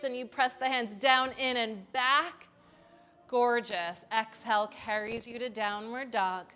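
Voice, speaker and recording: A woman teaching a live yoga class in a studio, giving calm step-by-step cues with casual asides. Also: fairly high pitch, clear, resonant tone. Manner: calm cueing with chanted Sanskrit and casual asides.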